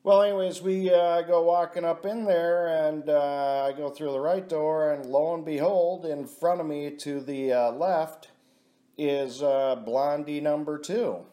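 A man's voice: a little high, steady tone, unhurried, dark tone. A middle-aged man telling a rambling personal story in a casual vlog, swearing often and calling himself "your buddy". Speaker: vlogger.

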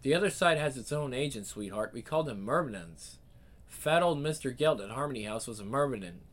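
A man voicing a calm, knowing woman from a secret group who explains things with teasing endearments, in a comic reading. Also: medium pitch, brisk, lightly acted. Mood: cool.

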